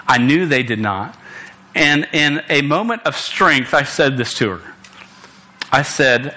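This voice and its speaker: A man's voice: a little high, expressive, unhurried, sharp tone. A young man preaching a sermon to a congregation in a room, earnest and direct, often stumbling and restarting his words. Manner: earnest, stammering restarts, punchy asides to listeners.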